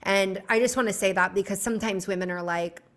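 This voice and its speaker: A woman in the guest seat of a relaxed podcast, talking easily in a middle-pitched voice. She tells stories in a chatty way, full of quick asides. She sounds like a doctor talking with an author's ease. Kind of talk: casual podcast conversation.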